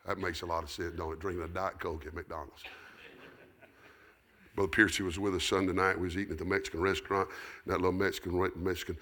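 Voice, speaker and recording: A middle-aged man with a Southern American accent preaching a sermon, telling folksy stories that build up into shouted preaching. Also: low-pitched, little pitch movement, fast. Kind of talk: storytelling sermon.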